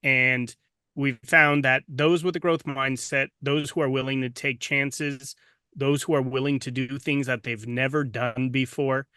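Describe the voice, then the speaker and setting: Male podcast host who admires his guest and rambles, with a bright, dry sound. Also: mid-range voice, level tone, unhurried, clear, resonant tone, no room sound. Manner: admiring, rambling, with many restarts. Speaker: podcast host, program leader. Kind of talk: interview questions.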